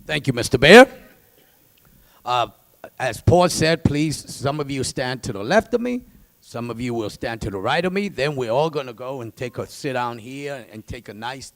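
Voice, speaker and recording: A man who teaches auctioneering, presenting diplomas with high energy and emphasis. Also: lively intonation, moderate pace, fairly bright tone. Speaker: auctioneering instructor. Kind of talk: energetic ceremony speech.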